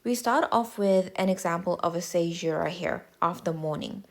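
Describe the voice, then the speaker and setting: A woman tutor giving a measured, clear, step-by-step explanatory voice-over lesson. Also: on the low side, darkish tone.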